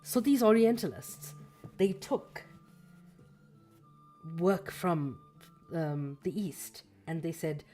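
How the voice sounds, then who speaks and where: A woman with a low voice talks through a book on her livestream in a casual, reflective way. She pauses on fillers and corrects herself as she goes, and her throat sounds a little scratchy. Soft music plays faintly underneath. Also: expressive. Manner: thoughtful, with fillers and self-corrections. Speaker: livestream host reading a book aloud.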